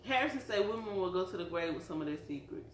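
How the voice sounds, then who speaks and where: A woman's voice: on the low side, lively intonation, quick pace, a little hiss or hum. A woman co-hosting a podcast, giving blunt opinions and steering the chat. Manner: blunt, bossy, steers the talk. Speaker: podcast co-host. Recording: echoey room, faint ambience.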